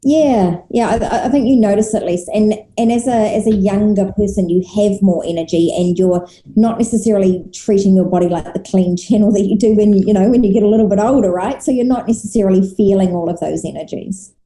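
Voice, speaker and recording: A woman's voice: medium pitch, a little fast, warm tone, reverberant, poor audio. A woman from New Zealand with a New Zealand accent, a guest speaking earnestly in a casual interview and repeating words as she thinks. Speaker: guest, author and business coach.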